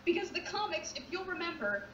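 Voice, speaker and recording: A woman's voice: very high-pitched, very animated, brisk, sharp tone, muffled recording. A woman guesting on a casual online chat, loose and casual, swearing now and then. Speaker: podcast guest. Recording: echoey room, far from mic, faint hiss.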